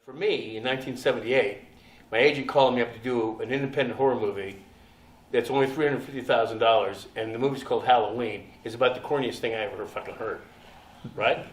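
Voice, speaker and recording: A man being interviewed about his acting past, telling stories in a profane, animated way and laughing often. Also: medium pitch, fast. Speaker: interviewed actor. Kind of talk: casual storytelling interview. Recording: echoey room, distant mic, faint noise.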